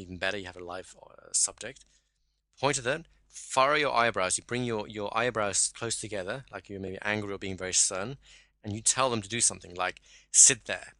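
Male voice coach on a call: lowish, bright and dry, instructive, keeps checking the listener follows. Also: no echo.

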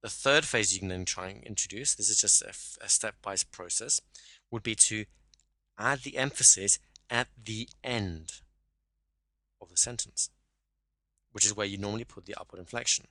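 Bright-voiced male coach giving instruction. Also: on the low side, a little fast, no room sound. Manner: instructive, checks in with "right?". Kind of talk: one-to-one coaching call.

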